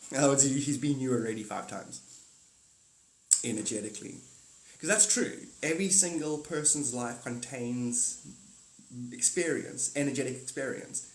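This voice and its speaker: A man's voice: mid-range voice, normal speed. A man streaming live, rambling through a spiritual monologue, laughing often and slipping into little acted-out skits. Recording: roomy echo.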